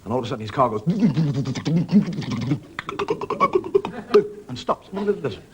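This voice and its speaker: Man, middle-aged, comedian host, dry rambling anecdotes, lively pitch, faint background ambience. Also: normal speed, noisy background. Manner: dry, wandering anecdotes with put-on voices for characters. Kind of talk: stand-up storytelling monologue. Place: television studio before a live audience.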